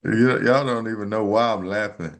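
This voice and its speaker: A man's voice: fairly low pitch, normal speed. A middle-aged man co-hosting a podcast in casual chat, laughing a lot, loose and playful, with folksy slang. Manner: laughing, animated, Southern-tinged slang. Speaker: podcast co-host.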